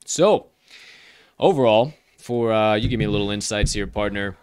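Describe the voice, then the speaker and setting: A man with a low, smooth, resonant voice hosts a sports betting podcast. He rattles off spreads and schedules with energy and curses freely. The sound is dry and close to the mic. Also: moderate pace, no room sound. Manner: energetic, profane, rattles off numbers. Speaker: podcast host.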